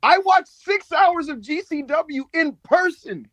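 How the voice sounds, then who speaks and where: A man co-hosting a podcast, recapping and joking in profane, animated chat. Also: very high voice, unhurried, dry recording. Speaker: podcast co-host. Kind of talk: casual chat.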